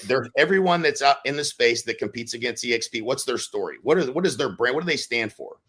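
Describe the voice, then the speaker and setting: A man talking casually on a podcast, animated and acting out quotes with sudden loud bursts. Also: mid-range voice, fast, slightly rough. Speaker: real estate brokerage leader on a podcast.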